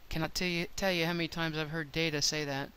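A woman's voice: low-pitched, steady tone, fast, fairly bright tone, clean tone. An older woman hosting a game video, thinking aloud in a chatty, self-deprecating way as she plays. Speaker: let's play host. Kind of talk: gameplay commentary.

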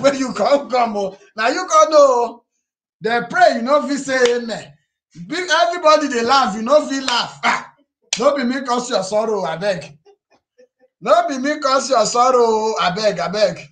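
A man with a Nigerian Pidgin English accent hosting a casual live stream, teasing viewers and reading out their comments. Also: very high-pitched. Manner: animated, teasing, reads viewer comments aloud. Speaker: YouTube live stream host.

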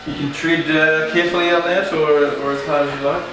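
A man's voice: on the high side, level tone, fast, over music. A man chatting casually in a family vlog, easygoing and joking. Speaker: vlogger's husband. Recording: home camera, roomy with background noise.

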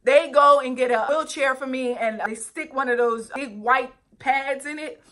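In a storytime vlog, a young woman earnestly recounts a personal ordeal, turning now and then to speak directly to her viewers. Her voice is high and a bit bright, at a moderate pace.

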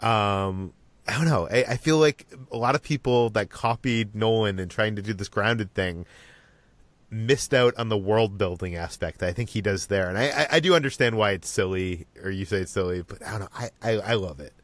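A man's voice: lowish voice, moderate pace, dry recording. Podcast host guy, dead dry sound, chatty and a bit rambly. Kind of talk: casual podcast chat.

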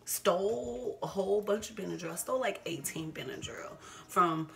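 A woman in her twenties vlogs to camera at a normal pace, her mid-range voice gravelly and a bit bright. She talks candidly about personal matters, laughing often and repeating herself for emphasis.

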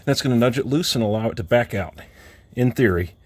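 A man's voice: mid-range voice, lively intonation, brisk, a little mellow. A man giving casual, matter-of-fact step-by-step instructions for a home car repair, with plain talk and wry asides. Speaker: DIY car repair vlogger. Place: home driveway, working under a car.

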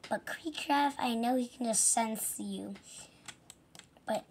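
A woman's voice: fairly high pitch, takes it slowly, a little mellow, slight background noise. A woman muttering to herself while sneaking around in a game role-play. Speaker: gamer.

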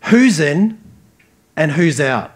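A man with an Australian accent preaching a sermon earnestly, rising emphatically and dropping soft. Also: a little high, sing-song, takes it slowly. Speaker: pastor.

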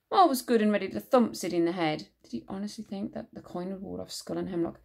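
A woman teacher reading a children's book aloud with expressive storytelling narration. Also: medium pitch, fast talker, gravelly, hardly any pauses.

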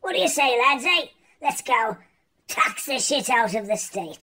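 A man's voice: very high-pitched, sing-song, a little slow, sharp tone, full character voice, rough recording. A man playing a crude, bossy king. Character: swaggering rude English king, adult man.

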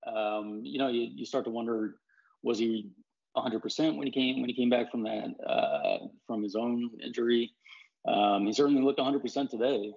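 A man talking baseball as a reporter in a casual chat. He speaks haltingly, with many fillers and restarts. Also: medium pitch, gravelly, a little mellow, muffled recording.

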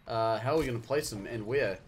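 A young man with a New Zealand accent, chatting casually and excitably while streaming a game, swearing and yelling at the action. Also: mid-range voice, fast, background noise. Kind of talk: casual live-stream gameplay chat.

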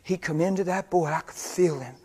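An older white-haired preacher telling a story in a sermon, dropping to hushed whispers and rising to loud, fervent preaching before a live audience. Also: male voice, on the high side, brisk, breathy edge. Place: church or meeting hall before a live audience.

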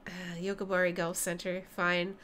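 A woman's voice: lowish voice, completely flat delivery, normal speed, fairly bright tone, a little hiss or hum. A woman, chatting and joking as she streams a video game. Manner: joking, chatty, reacting aloud. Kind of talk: casual gaming commentary.

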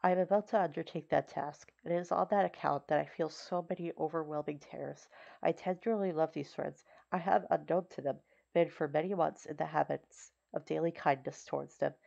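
A woman's voice: low voice, steady tone, a little fast, vocal fry, a little mellow, full character voice. A woman reading the lines of a lonely male creature built by man, in an earnest, formal and imploring manner. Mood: pleading. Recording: slightly dull recording.

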